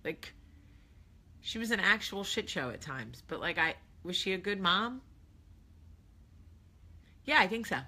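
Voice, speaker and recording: Animated woman telling a story, husky and bright. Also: fairly low pitch, moderate pace. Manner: animated, shouting when reenacting, conversational. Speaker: vlog host. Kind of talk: casual storytelling vlog.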